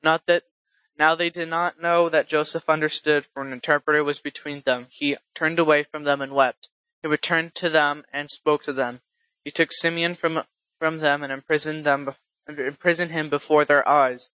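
Bright, crisp man reading scripture. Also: a little high, steady tone, no echo, rough recording. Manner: halting reading with frequent restarts and self-corrections. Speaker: scripture reader.

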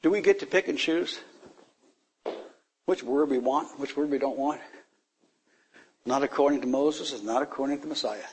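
A man teaching a sermon on scripture, with an emphatic, drawn-out delivery that rises to sudden loud peaks. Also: mid-range voice, breathy edge. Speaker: Bible teacher.

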